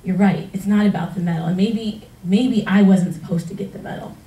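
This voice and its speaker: A woman, a retired track athlete, tells her story in a personal testimonial, animated and laughing often as she acts out past conversations. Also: mid-range voice, brisk. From United States. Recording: roomy sound from a distance.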